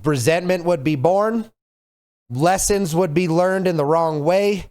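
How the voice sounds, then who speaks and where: Male podcast host, slightly high voice, earnest, reflective, advice-giving, video call. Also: measured pace, a little mellow. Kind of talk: casual podcast chat.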